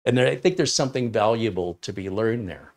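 A man's voice: on the low side, lively intonation, a little fast. A man hosting a tech live stream, chatting casually and telling an anecdote with frequent laughs. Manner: chatty, storytelling, laughs often. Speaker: tech channel host.

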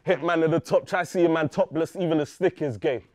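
A British man with a slightly high voice performs a battle rap round. He delivers mocking punchlines in a measured way, recorded dry and close. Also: no room sound. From United Kingdom. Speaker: battle rapper. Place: battle rap event in New York.

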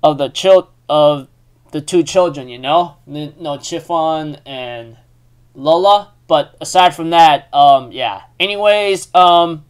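High-voiced man rambling through a recap. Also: slow pace, clear, resonant tone. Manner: rambling, filler-heavy, self-correcting. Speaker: anime recap host. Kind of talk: casual chapter recap.

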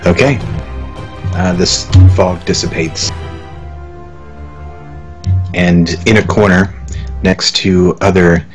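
A man running a tabletop game as game master, calmly describing the scene. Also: deep voice, soft background music. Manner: calm, measured narration.

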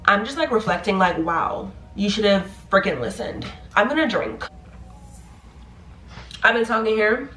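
A woman's voice: mid-range voice, unhurried, long pauses, a little hiss or hum. Chatty young woman in an echoey room. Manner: animated, chatty, playful, encouraging. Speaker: nursing graduate vlogger. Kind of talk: casual advice vlog.

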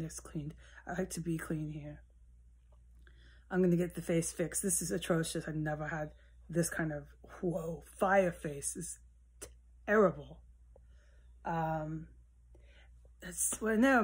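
A woman rambling alone at home in a solo monologue, swearing often and drifting between low mutters and heated outbursts. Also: slightly rough. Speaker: vlogger. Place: at home, indoors with a window open.

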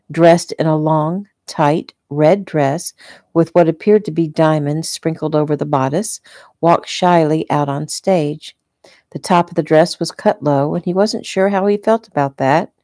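Lady reading her book at home, low voice, dry close sound. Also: warm tone, no echo. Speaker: author reading her novel. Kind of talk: casual audiobook reading.

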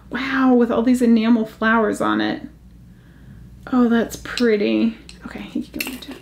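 A woman hosting a casual jewelry vlog, chatty and easily excited, gasping over pieces she finds. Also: a little high, moderate pace, vocal fry, noisy background. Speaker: jewelry channel host.

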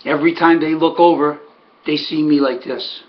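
Animated male storyteller, lo-fi recording. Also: a little high, normal speed. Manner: animated, emphatic, repeats for effect. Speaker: harness horse trainer. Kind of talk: casual spoken storytelling. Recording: dull lo-fi recording.

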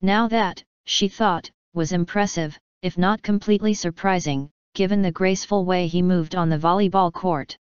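A woman narrating an audiobook in an even, measured storytelling manner. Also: on the low side, clear, resonant tone, dry recording. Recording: dry, slightly dull studio recording.

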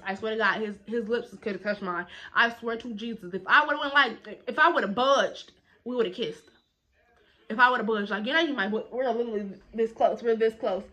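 A young woman telling a story in a casual vlog, animated and emphatic, with quick indignant retorts. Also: fairly high pitch.

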